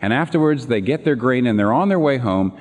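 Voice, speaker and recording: A man preaching a sermon, retelling a Bible story with animated storytelling and acted-out lines. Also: mid-range voice, brisk. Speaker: pastor. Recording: reverberant hall.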